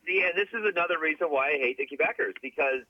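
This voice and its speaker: A man's voice: a little high, fast, a crowd in the background. A man from Southern Ontario, ranting bluntly and profanely as a call-in guest in casual chat. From Southern Ontario, Canada. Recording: dry, muffled phone line.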